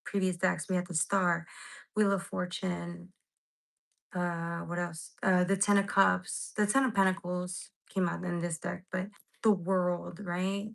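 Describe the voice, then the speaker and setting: A woman's voice: lowish voice, vocal fry, a bit bright, low-quality recording. A woman reading tarot cards live for her viewers, rambling and emotional, near tears, swearing casually as she talks to them directly. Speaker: tarot reader.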